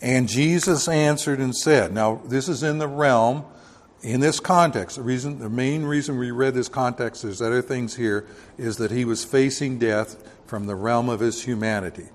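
Man preaching in a reverberant hall. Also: medium pitch. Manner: emphatic, dismissive asides, reads scripture slowly and loudly. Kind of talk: verse-by-verse Bible teaching sermon.

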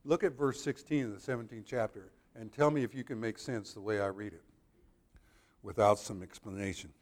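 A man's voice: fairly low pitch, fairly quick. A man teaching a Bible passage verse by verse to a congregation, explaining as he goes with restarts and asides.

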